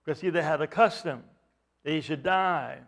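Man, sermon, retells scripture, voices the quoted dialogue, frequent restarts, fairly high voice. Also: moderate pace, a bit bright. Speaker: preacher.

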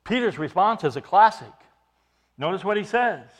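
Male preacher, high voice, sweeping and lively intonation, emphatic expository sermon. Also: normal speed. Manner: emphatic, explains scripture verse by verse.

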